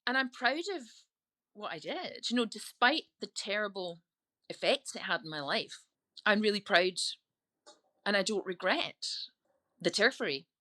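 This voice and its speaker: A Scottish woman in her sixties talking in an interview, emphatic and outspoken with quick laughs. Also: medium pitch, animated, bright, forceful tone, dry recording. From Scotland. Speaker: interviewee, author turned lorry driver. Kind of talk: casual interview talk.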